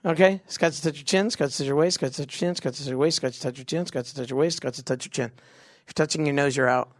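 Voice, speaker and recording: A young man leading a big youth crowd through a game, joking and doing quick silly voices. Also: on the high side, dry recording, clean studio sound. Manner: goofy, quick asides, acts out voices. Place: event venue with a live audience.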